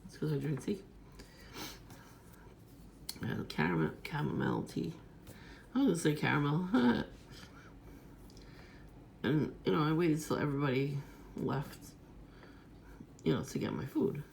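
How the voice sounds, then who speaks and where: Very gravelly woman rambling. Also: low-pitched, animated, unhurried, pauses often, a little mellow, slight background noise. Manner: rambling, profane, aggrieved storytelling. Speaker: vlogger. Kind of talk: casual rambling monologue.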